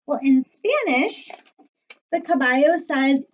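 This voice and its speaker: A woman librarian teaching small children animal words, slow and encouraging, with cheerful praise. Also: high voice, animated, lo-fi sound.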